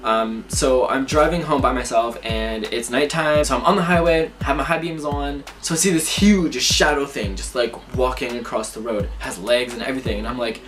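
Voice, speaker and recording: A young man telling spooky personal stories to camera in a lively, chatty way. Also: medium pitch, normal speed, few pauses. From Canada. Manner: lively, chatty, acts out his reactions, laughs often. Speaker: vlogger. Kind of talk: casual storytelling to camera. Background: background music.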